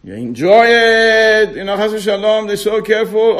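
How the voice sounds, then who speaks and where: A man teaching an informal religious class. He keeps quizzing his listeners with questions and slows down to stress key words. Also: high-pitched, fairly bright tone.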